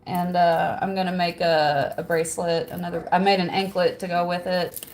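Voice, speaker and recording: A woman's voice: on the low side, level tone, normal speed, darkish tone. A woman hosting a livestream from home, chatting casually, reading viewer comments aloud and laughing often. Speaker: livestream host.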